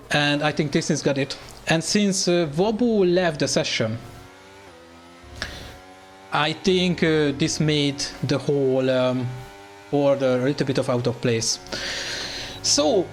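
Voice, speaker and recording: A man commentating an online sim racing event, excitable and hesitant, with phrasing and lots of fillers. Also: a little high. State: out of breath. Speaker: race commentator.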